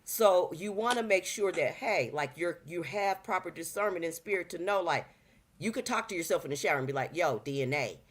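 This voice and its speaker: Woman in her 50s, lower voice, talks slangy and preachy, keeps acting out quotes. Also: animated, fairly quick. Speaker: talk show guest. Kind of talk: casual chat.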